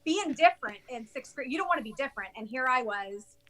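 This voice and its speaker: A woman in her forties, raised in Houston, chatting in a casual podcast interview and telling stories in an animated way. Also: sits high, fast talker. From Houston, Texas. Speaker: podcast guest.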